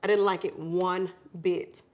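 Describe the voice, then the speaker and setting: A woman's voice: lowish voice, flat delivery, a little slow, a little mellow. Woman telling her story. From Memphis, Tennessee. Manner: reflective storyteller. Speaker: guest. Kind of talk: interview.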